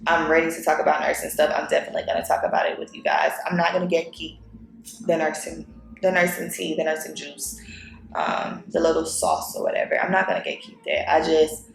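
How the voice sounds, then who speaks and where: Chatty young woman with vocal fry. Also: low voice, fairly even intonation, a little fast, a little hiss or hum. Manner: loose and talkative, with many fillers and restarts. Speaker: nurse vlogger. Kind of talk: casual chatty vlog. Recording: roomy echo.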